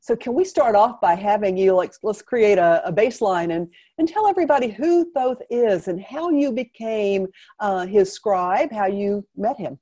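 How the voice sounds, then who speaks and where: A woman hosting a live talk show, effusive and quick to laugh. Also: medium pitch, animated, dark tone. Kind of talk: casual live interview.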